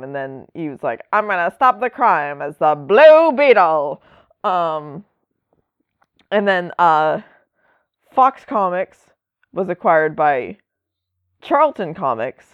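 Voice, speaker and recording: Slow-talking woman podcast host. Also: on the low side, no room sound. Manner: chatty, explaining at length with asides. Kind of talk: casual chat. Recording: dull lo-fi sound.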